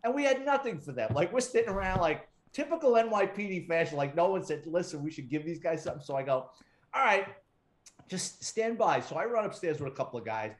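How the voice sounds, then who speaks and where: A middle-aged man with a somewhat high voice tells old work stories as an interview guest. He swears freely, cracks jokes and slips into other people's lines as he acts out quotes. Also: big pitch swings, fairly quick. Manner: profane, wisecracking storyteller who acts out quotes. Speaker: retired police detective, guest. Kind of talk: casual storytelling interview.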